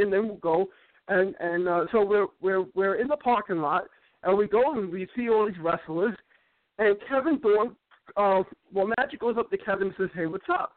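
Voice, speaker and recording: A man with a high voice tells stories in a loose, rambling way, tripping over restarts and repeating himself. He comes through a thin, phone-like line. The sound is dry, with no room around it. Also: no echo. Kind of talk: casual chat.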